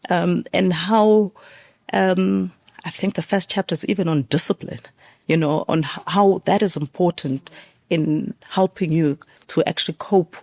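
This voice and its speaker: A woman's voice: fairly low pitch, unhurried, vocal fry, darkish tone. A woman from South Africa, a guest in a casual interview conversation, who talks with many fillers and restarts.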